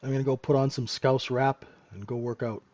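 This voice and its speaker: A man's voice: medium pitch, steady tone, a little fast, a little mellow, no echo, lo-fi sound. A middle-aged man hosting a live trading room, chatting casually and joking with viewers, laughing often. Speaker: trading room host and mentor.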